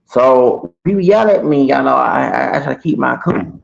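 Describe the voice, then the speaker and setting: Gravelly man rambling on a livestream. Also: mid-range voice, normal speed, few pauses, muffled recording. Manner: rambling, profane, repeats himself. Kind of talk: casual livestream storytelling.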